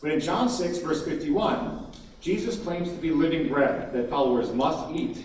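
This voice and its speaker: Male keynote speaker, animated, slightly high; distant, reverberant hall with faint room noise. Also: normal speed. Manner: animated, emphatic, acts out crowd quotes. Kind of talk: conference talk. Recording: echoey hall from far off, faint ambience.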